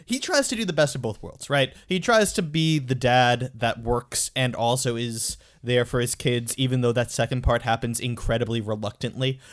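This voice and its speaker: A man's voice: medium pitch, normal speed, few pauses. A man co-hosting a casual podcast, chatty, often trailing off and restarting his sentences. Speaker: podcast co-host.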